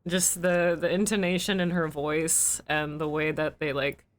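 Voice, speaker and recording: Live-streaming a game, a woman rambles reflectively through her thoughts with plenty of fillers and restarts, sounding emotional and weepy. Her voice is low and level, and she takes her time.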